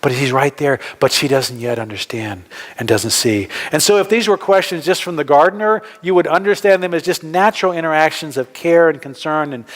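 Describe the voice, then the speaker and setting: Male pastor preaching, kinda higher voice, chatty with questions, long church reverb. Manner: conversational, asks the congregation questions. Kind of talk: sermon. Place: church hall.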